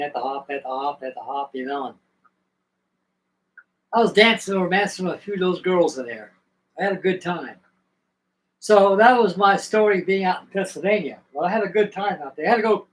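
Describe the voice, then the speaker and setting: A man's voice: sits high, low-quality recording. An older man with Southern roots, telling long folksy stories from his past in a rambling, casual way on a live stream. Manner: folksy, rambling, drawn-out reminiscing. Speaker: livestream host. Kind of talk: rambling storytelling chat.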